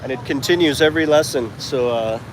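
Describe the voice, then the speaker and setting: A man's voice: medium pitch, a little fast. A man walking through an outdoor street market and chatting to his phone camera in a rambling, casual vlog. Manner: rambling, chatty, self-correcting asides. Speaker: travel vlogger. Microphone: handheld phone. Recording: street noise behind the voice. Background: traffic and street noise.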